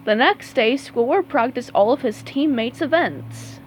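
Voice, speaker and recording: A woman reading a children's storybook aloud in an expressive way. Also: sits high, a little hiss or hum, rough recording. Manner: slow, expressive read-aloud. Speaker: storybook reader.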